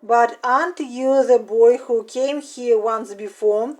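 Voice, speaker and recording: A woman voicing the tall wife of an ogre, a stern but curious giantess giving sharp warnings. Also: on the high side, slow pace.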